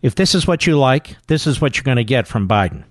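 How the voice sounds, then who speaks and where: A man's voice: mid-range voice, lively intonation, a little fast, no echo. A man hosting a talk radio show, delivering combative, scornful commentary into a studio microphone.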